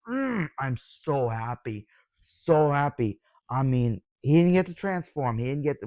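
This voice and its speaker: A young man giving a casual, excitable review as a video host, gushing and sometimes yelling. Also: mid-range voice, vocal fry, no echo, highs cut off. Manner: excitable, gushing, yells when thrilled. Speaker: YouTube reviewer.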